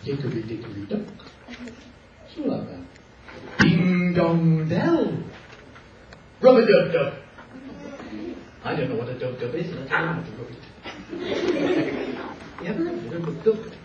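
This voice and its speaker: A man doing comic storytelling for children, playful and animated with jokey asides. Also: medium pitch, fast talker, long pauses, very noisy. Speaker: children's author and performer. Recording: echoey hall, distant mic, dull sound.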